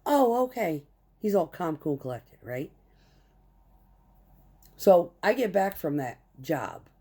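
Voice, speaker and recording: A woman's voice: sits low, lively intonation, slow pace, vocal fry, mellow, breathy edge. A woman truck driver telling a heated, profane story about a work conflict in short clipped phrases. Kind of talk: casual storytelling rant.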